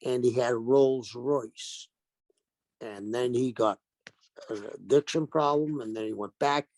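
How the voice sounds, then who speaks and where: An older man with a gravelly, fry-edged voice tells his stories with animation, acting out what people said in each exchange. His voice sits at a middling pitch and sounds dry and close, with no room around it. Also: measured pace, no echo. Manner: animated anecdotes with acted-out quotes. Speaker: guest, retired pro wrestler. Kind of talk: storytelling interview.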